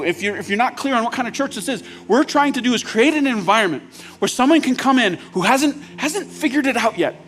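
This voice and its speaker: A male pastor preaching in a church, talking plainly to the room and building to urgent, emphatic points. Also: very high-pitched. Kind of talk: sermon. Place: church sanctuary.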